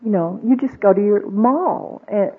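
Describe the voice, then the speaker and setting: A woman's voice: mid-range voice, measured pace, slightly rough. A woman giving a conversational Bible teaching to a women's group, asking the audience questions and acting out the voices she quotes. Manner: acts out quoted voices, with fillers and restarts. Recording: tinny, phone-like old recording.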